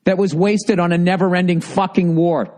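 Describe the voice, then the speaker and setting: A comedian hosting a podcast, ranting heatedly and sarcastically, with constant swearing. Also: male voice, high-pitched, flat delivery, moderate pace, a little mellow. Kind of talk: profane comedic rant.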